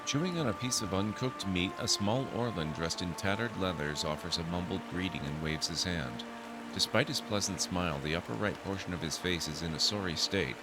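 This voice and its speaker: Deep-voiced man reading game text. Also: a little fast. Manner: reads narration aloud steadily, then reacts with dry asides. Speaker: streamer playing a role-playing game. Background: game music.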